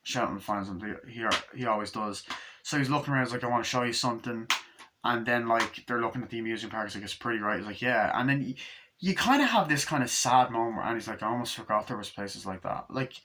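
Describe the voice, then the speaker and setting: A man's voice: medium pitch, fast talker, background noise. A man giving a casual, profane movie review, rambling through scenes and acting out quoted lines in passing.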